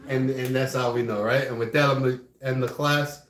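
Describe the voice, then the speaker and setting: A man's voice: mid-range voice, steady tone, fairly quick, fairly bright tone. A man teaching a religious study class, heard in an echoey room. He talks in a mid-range voice and tags "right?" onto nearly every point. His delivery is loose and conversational. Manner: frequently asks "right?".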